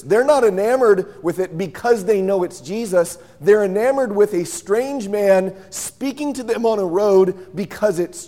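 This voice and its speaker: A man preaching a sermon, telling the story vividly, acting out the scenes and quizzing his listeners. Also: sits high. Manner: lively storyteller, acts out scenes and quizzes the audience. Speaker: pastor.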